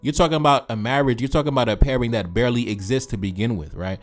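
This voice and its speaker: A man hosts a reaction video and rants emphatically, repeating his points and throwing in slangy asides. His voice sits at an ordinary middle pitch. Soft music plays faintly underneath. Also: fast. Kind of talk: commentary reacting to social media posts.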